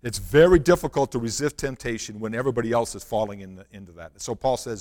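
A man's voice: medium pitch, fast, a little mellow, big-room sound. A man preaching a sermon, reading scripture and asking the congregation earnest rhetorical questions. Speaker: pastor.

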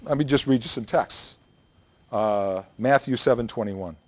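An earnest male pastor delivering a sermon in a mid-pitched voice. He presses his points with emphatic repetition and explains scripture line by line. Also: measured pace. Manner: earnest, emphatic preaching with repeated phrases.

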